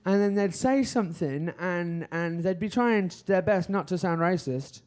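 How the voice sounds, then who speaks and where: A man's voice: high voice, lively intonation, normal speed, a little mellow, smooth. A young man from Birmingham doing a self-mocking stand-up comedy set, telling stories and slipping into put-on voices. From Birmingham, England.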